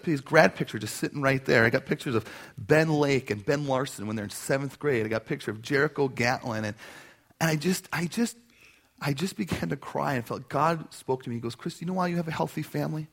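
A man preaching a sermon as a pastor, telling a personal story in an animated way and acting out the voices he quotes. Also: fairly high pitch, a little fast, vocal fry, slightly rough.

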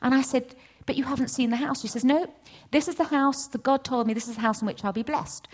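A middle-aged woman giving a testimony at a church session, storytelling with lively acted-out dialogue. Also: fast talker. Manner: animated storytelling, acts out voices with big pitch jumps. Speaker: church speaker. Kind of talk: testimony sermon.

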